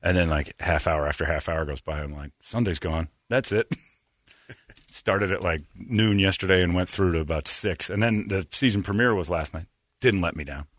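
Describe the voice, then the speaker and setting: A man's voice: low voice, moderate pace, dry recording, clean studio sound. A man hosting a podcast in casual chat, telling stories with put-on voices and laughter. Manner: animated storytelling with mocking voices and laughs. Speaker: podcast host.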